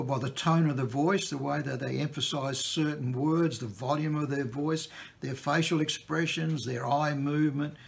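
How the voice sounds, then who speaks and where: A man's voice: on the high side, creaky. A man preaching a sermon in a plain-spoken, conversational teaching way.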